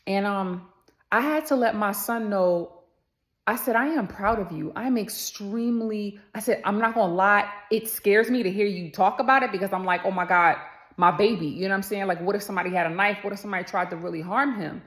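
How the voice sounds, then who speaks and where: A woman's voice: medium pitch, a little fast. A woman, chatting casually to camera and telling a story, addressing viewers as y'all and acting out the voices in it.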